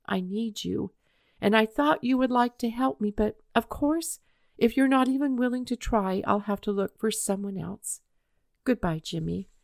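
A woman voicing a kind, patient grown man who is a doctor, speaking quietly and steadily. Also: a little high, normal speed, gravelly, dry recording, clean studio sound. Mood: gentle.

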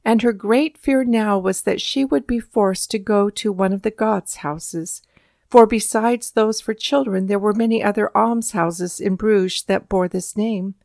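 Woman reading a storybook, creaky voice. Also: mid-range voice, unhurried, darkish tone, dry recording, studio quality. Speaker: narrator.

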